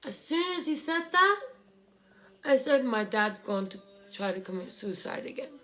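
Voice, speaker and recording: Young woman, crying, halting speech, repeats words, slightly high voice, home vlog. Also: very animated, a bit bright. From Australia. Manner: tearful, halting, repeats herself. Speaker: vlogger. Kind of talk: emotional personal story while doing makeup. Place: home room, indoors.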